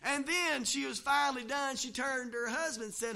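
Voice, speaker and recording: A man's voice: extremely high pitch, fairly quick, vocal fry, pushed and bright. A male pastor, preaching a sermon in a folksy, conversational way with joking asides in a church. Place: church, also livestreamed.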